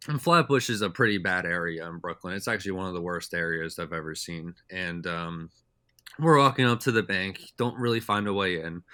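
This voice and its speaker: A man's voice: low-pitched, pushed and bright, dry recording, clean studio sound. A man, a podcast guest, telling stories in a loose, rambling, casual way. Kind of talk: casual storytelling chat.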